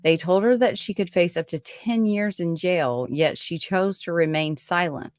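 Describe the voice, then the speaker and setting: A woman's voice: on the low side, a little slow, no room sound, clean studio sound. A woman hosting a true-crime podcast, reading her own write-up of a case in a casual way, with chatty asides and frequent fillers. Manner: chatty, many fillers and restarts between read passages.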